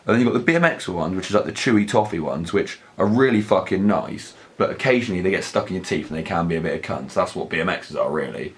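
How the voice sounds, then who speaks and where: A man's voice: sits low, expressive, fast, few pauses. A young man, telling crude, sweary, rambling stories in a casual vlog. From southern England. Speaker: vlog host. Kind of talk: casual anecdotal storytelling.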